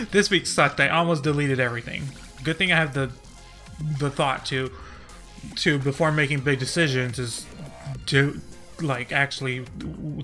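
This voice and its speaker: A man's voice: medium pitch, sharp tone. A man rambling on a live stream, reading chat and joking about himself with frequent giggles. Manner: giggly, self-deprecating, joking.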